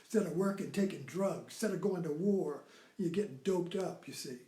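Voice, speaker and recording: A man's voice: high-pitched, brisk, warm tone, echoey room. A man giving a rambling, informal lecture who keeps repeating "you see.".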